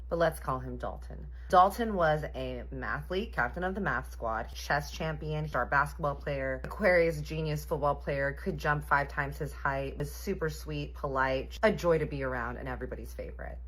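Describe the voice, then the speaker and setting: A young woman telling a casual storytime vlog, animated and playful, swearing freely. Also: low voice. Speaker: storyteller vlogger.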